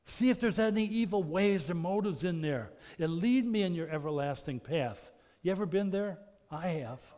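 A man preaching a sermon as pastor, earnest, moving between loud emphasis and soft, intimate passages. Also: sits high, expressive, normal speed. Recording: long reverb of a large hall.

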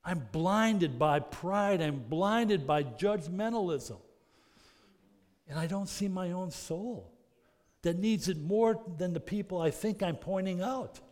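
A man preaching a sermon as pastor, earnest, moving between loud emphasis and soft, intimate passages. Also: high-pitched, lively intonation, slow. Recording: long reverb of a large hall.

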